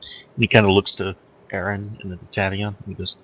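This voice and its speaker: A man's voice: sits low, little pitch movement, brisk, bright, forceful tone, lo-fi sound, a little hiss or hum. A young man narrating as game master in a casual, joking way.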